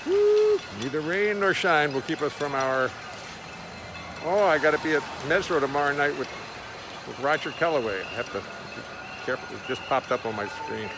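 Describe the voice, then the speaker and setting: A man, a musician streaming from his window-side home studio, keeps the chat light and jokey as he greets viewers by name. He speaks briskly in a somewhat high voice, and the background is noisy.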